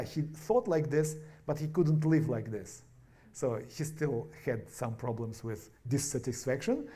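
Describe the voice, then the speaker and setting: A man, a pastor preaching a sermon in a church, halting and restarting words with many fillers. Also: medium pitch, dark tone.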